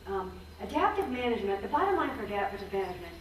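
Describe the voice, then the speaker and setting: A woman's voice: medium pitch, sing-song, quick pace. A woman, a former range conservationist, giving an earnest conference talk and answering questions, often restarting her sentences. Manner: earnest, frank, with many restarts. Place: conference hall. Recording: echoey hall, distant mic, faint noise.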